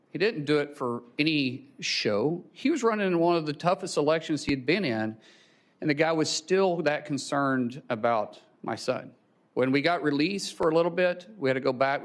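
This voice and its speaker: Nominee, middle-aged man, emotional testimony, stumbling and restarting, voice near tears. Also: a little high. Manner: halting, many restarts, chokes up. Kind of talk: emotional personal story.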